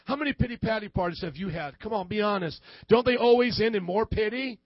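A man preaching as a pastor, animated and jokey, poking fun at himself as he talks. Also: high-pitched, fast, dry recording, muffled recording. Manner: animated, acts out quoted voices; jokey and self-deprecating. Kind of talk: sermon.

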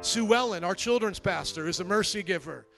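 A man with a fairly high voice preaches to his church, animated and storytelling, slipping into little acted voices. Soft music sits faintly behind him. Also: a little fast, vocal fry. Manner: lively storytelling, acts out quoted voices. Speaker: pastor. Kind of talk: sermon.

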